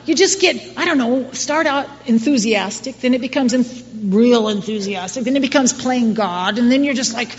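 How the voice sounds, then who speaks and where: In a meeting hall, a middle-aged woman gives a personal talk to a recovery group, wry and self-mocking in a conversational way, restarting often. Her voice is a little high, at normal speed with hardly any pauses. The recording is distant and muffled.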